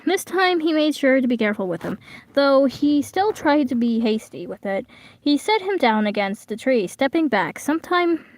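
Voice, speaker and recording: A woman's voice: high voice, expressive, moderate pace. Slangy young woman reading a story aloud. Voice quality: slangy, chatty, breaks off to comment. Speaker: reader. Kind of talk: casual reading aloud of a fan story with commentary.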